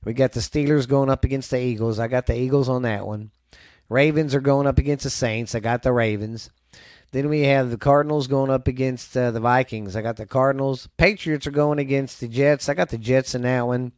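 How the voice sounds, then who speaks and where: A man's voice: mid-range voice, steady tone, fairly quick, darkish tone, dry recording, studio quality. A man with a Southern US accent hosting a casual sports podcast, rambling loosely through his picks and swearing now and then. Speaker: podcast host.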